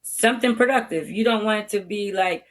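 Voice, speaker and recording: A woman's voice: medium pitch, a little fast. An older woman, a veteran educator, talking frankly and bluntly as an interview guest, laughing easily. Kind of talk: candid interview talk.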